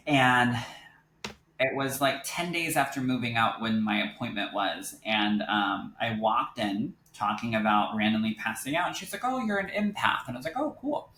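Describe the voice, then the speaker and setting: Bright-voiced man telling a lively story. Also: fairly low pitch. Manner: animated, quotes others in lively voices, laughs easily. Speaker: psychic medium guest. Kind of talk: casual storytelling interview. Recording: echoey room with faint noise.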